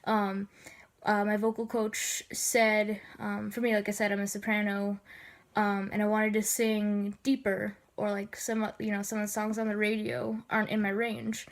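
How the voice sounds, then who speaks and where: A woman with a slightly gravelly low voice, sniffly from allergies, giving a casual voice tutorial with many filler ums. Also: monotone, normal speed.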